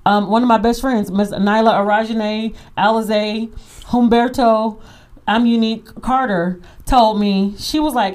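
A woman's voice: a little high, measured pace. A woman hosting a radio show, chatting casually and telling stories with frequent laughter. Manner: lively, laughs often, expressive storyteller.

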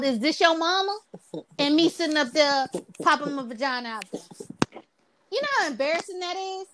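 A woman's voice: sits high, fairly bright tone, slight background noise, poor audio. A woman hosting a podcast in casual chat, teasing her co-hosts and laughing often. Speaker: podcast host.

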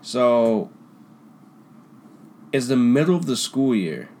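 A young man telling stories from school in a casual, slangy chat, laughing often and trailing off into quieter mumbles. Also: medium pitch, lively intonation, takes it slowly. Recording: faint background noise.

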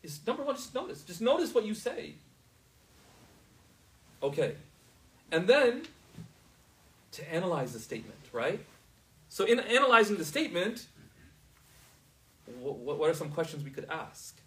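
A man's voice: high-pitched, sing-song, moderate pace, pauses often, bright, forceful tone, recorded from a distance, rough recording. A man teaching a class in a casual, conversational way, often checking whether his students understand.

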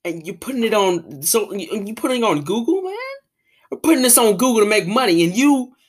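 A young woman hosting a podcast, ranting casually in an exasperated, animated way, full of restarts and fillers. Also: mid-range voice, brisk. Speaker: podcast host.

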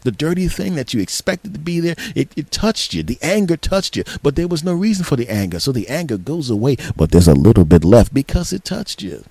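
Rambling comedian telling a story. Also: male voice, medium pitch, fairly quick, vocal fry, few pauses, dry recording. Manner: animated, repetitive, rambling. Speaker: podcast host, comedian.

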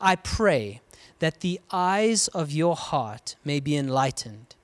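A man from South Africa preaching a sermon, swinging between loud cries and hushed, quiet lows. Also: very animated, slow. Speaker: pastor.

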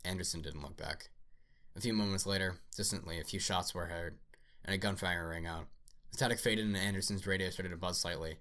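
A man reading a science fiction story aloud at a steady pace, with small slips. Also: low voice, a little fast. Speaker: narrator.

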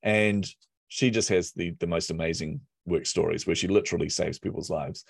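Man, deep, dry close sound, laughs a lot, chatty coach. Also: normal speed, vocal fry, no echo. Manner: animated storyteller, laughs often. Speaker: business and marketing coach, guest. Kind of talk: casual podcast conversation. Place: office.

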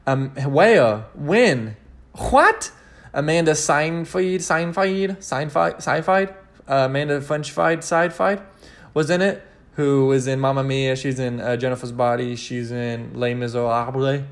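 A young man hosts a casual solo podcast in a steady, mid-range voice, speaking a little slowly. He rambles and curses, restarting often as he rants animatedly.

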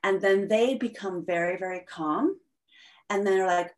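A woman guest in a conversational interview, explaining at length in an animated way with frequent fillers. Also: medium pitch, a little slow.

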